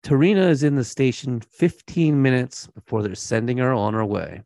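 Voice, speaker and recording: A man's voice: mid-range voice, moderate pace, warm tone, no echo. A man co-hosting a true crime podcast, telling the story in a laid-back, casual way and laughing now and then. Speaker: podcast co-host.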